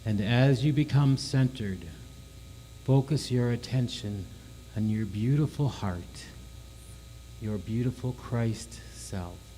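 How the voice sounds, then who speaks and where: Man, worship leader for guided meditation; very slow, dark mellow tone, faint hiss. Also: medium pitch, rough recording. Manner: slow, calm, soothing delivery.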